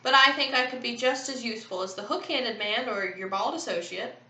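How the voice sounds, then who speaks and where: A woman's voice: on the high side, a little fast, sharp tone, echoey room, voice pushed up. Storybook carnival man, insistent and pleading, voiced by a woman reader. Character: insistent ambidextrous male carnival performer.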